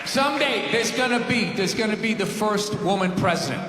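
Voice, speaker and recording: A man doing a stand-up rant, profane and sarcastic, shouting his punchlines. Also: high-pitched, expressive, brisk. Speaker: stand-up comedian. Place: comedy stage before a large audience. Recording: echoey hall, loud crowd and noise. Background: loud crowd.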